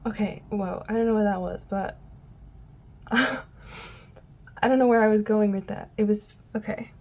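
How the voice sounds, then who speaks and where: A woman's voice: mid-range voice, fairly even intonation, measured pace, a little mellow, a little hiss or hum. A woman giving a casual tarot reading to her viewers, rambling and often losing her train of thought. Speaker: tarot reader.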